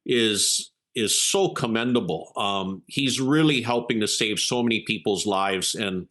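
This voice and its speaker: A man with a voice on the low side speaks a little slowly, recounting an earnest story as an interview guest. He's a keynote speaker and executive coach, and he brings the quotes to life by acting them out.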